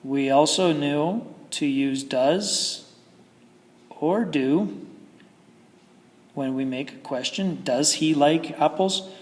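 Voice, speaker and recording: A man's voice: on the high side, takes it slowly, pauses often, big-room sound. A man teaching English grammar in a patient, explaining manner with frequent fillers. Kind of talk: recorded grammar lesson.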